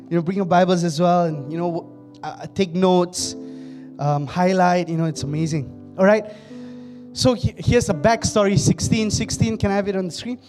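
Male pastor, high voice, chatty sermon, soft music underneath. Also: steady tone, moderate pace. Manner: conversational, laughs often, acts out quotes. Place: church.

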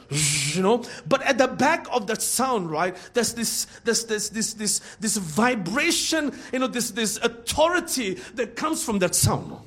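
A man preaching a sermon to his church, swinging from loud shouts to quiet asides, with many fillers and restarts. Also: extremely high pitch. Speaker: pastor.

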